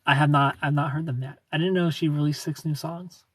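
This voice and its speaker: A man from Ohio hosting a casual livestream, reading viewer comments aloud in a soft, low-key way and slipping into quiet asides. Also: fairly even intonation, a little fast, slightly rough, dry recording. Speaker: livestream host.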